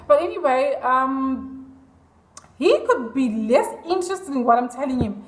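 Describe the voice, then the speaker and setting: A woman's voice: high-pitched, expressive, unhurried, roomy sound, rough recording. A woman vlogger telling a personal story in a chatty, confiding way, with plenty of fillers. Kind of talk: storytime vlog.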